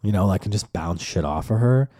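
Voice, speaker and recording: A man with a low, deep-toned voice that sounds soft and dark, hosting his own show. He rambles through a loose, profane monologue, swearing freely, all in a close, dry recording. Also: lively intonation, fairly quick, no room sound. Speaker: podcast host. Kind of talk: casual solo monologue.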